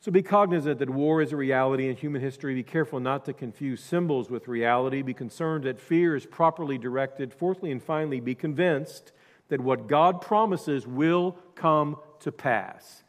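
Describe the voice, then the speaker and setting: A male pastor preaching a sermon, dropping to quiet asides and then rising to loud emphasis. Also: medium pitch, moderate pace, big-room sound.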